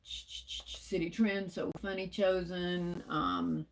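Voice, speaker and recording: A woman's voice: on the low side, little pitch movement, gravelly. Chatty woman on a craft livestream. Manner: chatty, drawn-out, talks to viewers. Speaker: craft vlogger. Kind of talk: casual livestream chat.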